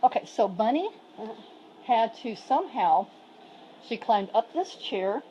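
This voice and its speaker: Speaking slightly slowly with a highish, lively voice, this cat sanctuary worker from the American South shows viewers around the shelter and coos to the cats in baby talk. The recording is muffled, with a bit of hiss or hum.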